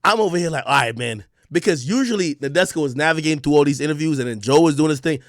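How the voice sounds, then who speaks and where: A man streaming, telling a story in an excitable, profane way, shouting as he reenacts moments. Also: fairly high pitch, fast, no echo, clean studio sound.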